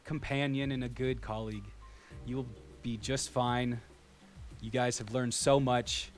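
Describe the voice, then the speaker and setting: A man's voice: mid-range voice, fairly even intonation, a little slow, faint music behind, lightly acted. Man voicing a wry female dragon rider. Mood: warm. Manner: teasing and sardonic.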